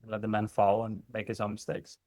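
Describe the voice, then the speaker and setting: A man's voice: on the low side, monotone, fairly quick, dark tone, no room sound, clean studio sound. A man working as a relationship coach, talking bluntly and emphatically with frequent swearing in an interview. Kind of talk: candid interview conversation.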